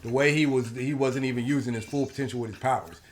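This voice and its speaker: An animated man co-hosting a casual comic book talk show. His pitch sits in an ordinary middle range, and he talks in loose slang and repeats his points. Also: fast, a little hiss or hum. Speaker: podcast co-host. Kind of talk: casual debate chat.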